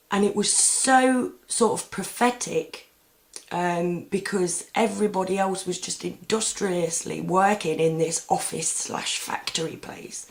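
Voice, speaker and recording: A woman holds a loose, chatty monologue to camera. Her voice sits a little low, and she drifts from point to point with frequent ums and half-finished words. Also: vocal fry. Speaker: vlogger. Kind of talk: casual rambling monologue.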